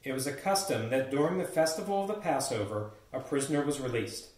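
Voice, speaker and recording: A man's voice: medium pitch, expressive, fairly quick, darkish tone. A man reading a story aloud steadily as a narrator in a church pageant. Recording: echoey church, distant mic.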